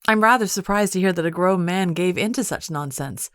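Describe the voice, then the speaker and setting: A woman's voice: on the low side, fairly quick, fairly bright tone, no echo, clean studio sound, close to an everyday voice. A woman voicing a polite, curious young heiress who speaks courteously.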